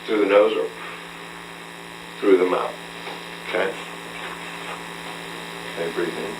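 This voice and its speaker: Heard on old tape, distant and roomy with a faint hum, a man with a low-pitched, fairly even voice speaks slowly. He's a vocal coach patiently instructing a beginner singer in a hands-on breathing lesson, in a room with a mirror, frequently checking in with "okay?".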